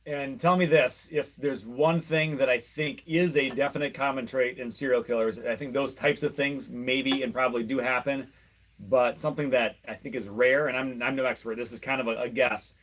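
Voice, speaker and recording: A man's voice: medium pitch, fairly even intonation, normal speed, a bit bright. A man co-hosting a podcast who asks probing questions and offers careful, hedged guesses. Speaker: podcast co-host. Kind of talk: reflective conversation.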